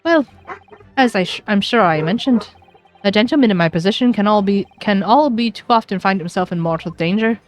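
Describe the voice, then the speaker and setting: A chatty Irish gentleman witness rambles on in a lilting, folksy way, as a woman puts him on. His voice sits in a middle range, and faint game music plays softly behind. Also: medium pitch, brisk, lightly acted. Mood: rambling. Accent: put-on Irish. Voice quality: lilting, folksy turns of phrase.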